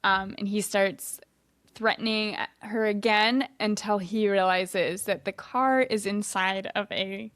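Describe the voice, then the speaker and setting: A woman's voice: mid-range voice, steady tone, a bit bright, dry recording. Podcast co-host, woman; easygoing, agreeable, dry close-mic. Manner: agreeable, chimes in with quick affirmations. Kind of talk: casual movie recap chat.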